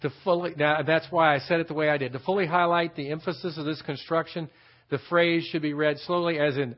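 A man with a slightly high voice teaches scripture to his listeners. He leans on key phrases and says them again, slowly, to drive the point home. The recording sounds dull and lo-fi. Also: steady tone. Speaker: Bible teacher. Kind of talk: verse-by-verse Bible teaching.

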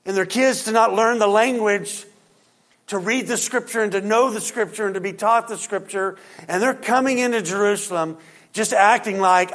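A man preaching a sermon as pastor. He stresses points with rising force and drops low and quiet to read scripture. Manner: preaching with rising emphasis, then dropping quiet for scripture reading.

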